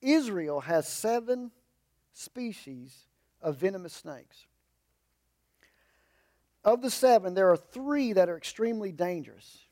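A man with a high voice preaching in a relaxed, folksy way, stopping for humorous asides. He stresses points in raised bursts, then drops into low, quiet remarks. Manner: shifts between emphatic raised lines and low asides. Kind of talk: conversational sermon.

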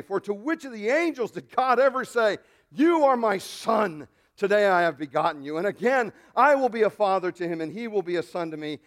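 A man preaching a sermon to his congregation, moving from loud, emphatic declarations to quiet, hushed asides and joking with the crowd. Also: sits high. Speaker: pastor.

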